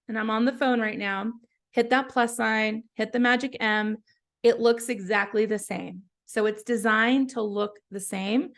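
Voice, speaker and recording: A woman founder giving a casual, chatty software walkthrough, encouraging her listeners while often trailing off and restarting her sentences. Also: fairly high pitch, vocal fry. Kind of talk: casual live software tutorial.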